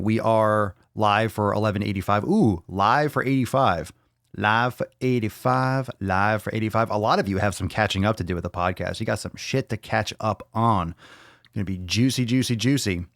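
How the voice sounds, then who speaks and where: A man's voice: fairly low pitch, moderate pace, no echo, clean studio sound. A man hosting a live Q&A podcast, casual and playful, swearing freely and joking around as he answers questions. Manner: profane, playful, goofing with mock self-scolding. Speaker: podcast host.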